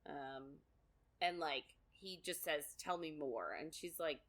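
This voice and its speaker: A woman's voice: low-pitched, slow pace, a bit bright. A woman co-hosting a podcast, chatting casually through a book recap with lots of fillers and quoted asides. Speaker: podcast co-host.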